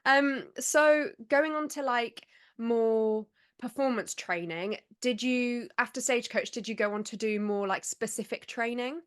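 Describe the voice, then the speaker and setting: A woman's voice: on the high side, measured pace, clear, resonant tone. A woman hosting a podcast interview, asking questions and reacting with enthusiastic encouragement. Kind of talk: casual interview chat.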